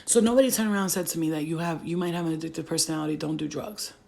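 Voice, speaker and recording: A woman's voice: low-pitched, very fast, creaky, darkish tone. A woman in her thirties telling blunt, profane stories in a casual livestream, often laughing as she talks. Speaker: vlogger.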